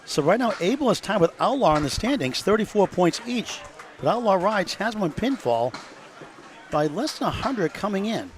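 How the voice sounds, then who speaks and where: A man commentating on bowling, rattling off scores, schedules and standings updates. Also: sits high. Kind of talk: live sports commentary. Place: bowling alley. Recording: noisy bowling alley broadcast.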